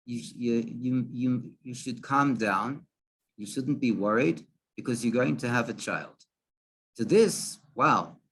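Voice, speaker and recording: A man, a rabbi, telling a story in a halting way, with many restarts and fillers. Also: mid-range voice, a bit bright. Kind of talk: storytelling talk.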